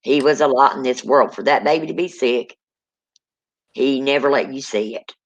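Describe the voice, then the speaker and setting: A woman's voice: extremely low pitch, normal speed. A woman guest telling ghost stories in a rambling, folksy way. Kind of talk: casual storytelling chat.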